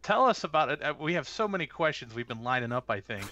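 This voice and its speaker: Bright-voiced man hosting an interview. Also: a little high, sing-song, fast talker, highs cut off. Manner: hesitant questions, many fillers. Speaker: interview host. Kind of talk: casual interview questions.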